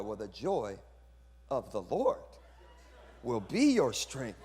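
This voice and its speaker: A man with a slightly high, husky voice and a brisk pace preaches to other pastors at a conference, keeping things lively with humor and flashes of fiery preaching. His words echo with hall reverb.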